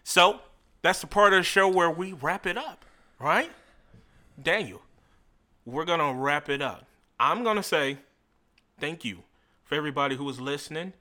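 A man's voice: fairly high pitch, animated, moderate pace, long pauses, pushed and bright. A man co-hosting a podcast, talking in a playful, theatrical, self-mocking way. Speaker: podcast co-host. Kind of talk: casual comedic chat.

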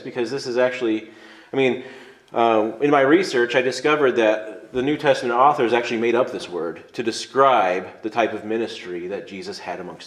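Male preacher, mid pitch, earnest conversational sermon delivery, roomy echo. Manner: earnest, conversational, explains step by step.

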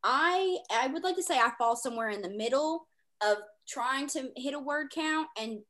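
A woman co-hosting a podcast, chatty and quick to laugh as she asks the questions. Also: high-pitched, lively intonation, fairly bright tone. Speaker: podcast co-host. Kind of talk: casual podcast chat.

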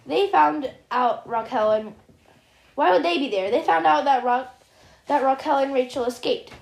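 A woman's voice: high-pitched, moderate pace, creaky, echoey room. A young female reader reading a homemade story aloud, stumbling and restarting as she voices the characters.

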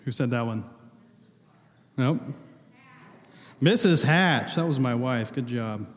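Playful pastor in a reverberant church. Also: male voice, mid-range voice, animated, slow. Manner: playful, joking with the congregation. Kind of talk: casual talk from the pulpit, movie-quote quiz. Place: large church hall. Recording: long hall reverb.

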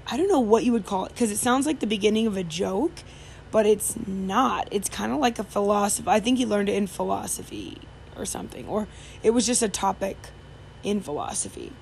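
A woman's voice: mid-range voice, animated, fairly quick, gravelly, a little mellow. A woman telling a story in casual chat, rambling with many fillers and restarts, over faint background noise.

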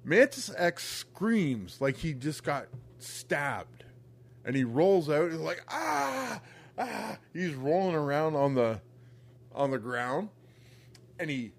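A man co-hosting a podcast, telling a story in an animated, profane way with frequent laughter, close to the mic. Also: medium pitch, takes it slowly. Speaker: podcast co-host. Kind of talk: casual storytelling.

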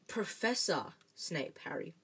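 Old male wizard headmaster, dreamy and wry, gentle storybook read, done by a woman, low and husky. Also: lively intonation, slow, exaggerated voice. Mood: musing.

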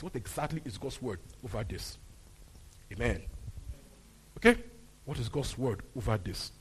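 A man's voice: mid-range voice, slight background noise. A man with a Nigerian accent preaching a sermon, pressing his point with repeated phrases and rhetorical questions to the congregation. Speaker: pastor. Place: church service.

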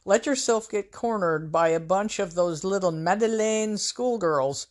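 A woman's voice: mid-range voice, unhurried, hardly any pauses, a little mellow. A woman from the US Pacific Northwest telling casual anecdotes in a wry, conversational, self-mocking way as host of her own storytelling show.

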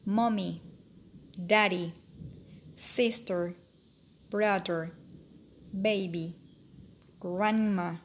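A woman teaching a bilingual vocabulary lesson for children, speaking slowly, clearly and repetitively. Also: medium pitch, steady tone, slight background noise.

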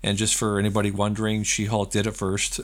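A man co-hosting a podcast, chatting casually and rambling as he retells scenes with quick acted-out quotes. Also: lowish voice, monotone. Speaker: podcast co-host. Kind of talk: casual chat.

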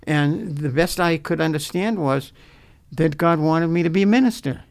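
Older male pastor with a raised, gravelly voice, sharing his personal faith story earnestly with stops and restarts. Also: on the high side. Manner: earnest, halting, repeats words as he recalls.

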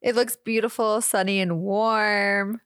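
A young woman chats casually on a podcast, playful and quick to act out what people said. Her voice is mid-pitched and recorded dry and close. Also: fairly even intonation, a bit bright, no echo. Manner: playful, acts out quotes in big voices. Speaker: podcast co-host. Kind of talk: casual chat.

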